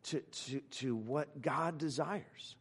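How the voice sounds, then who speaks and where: A man, a pastor, delivering a sermon with frequent restarts that builds to emphatic, louder preaching. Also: a little high, takes it slowly, husky.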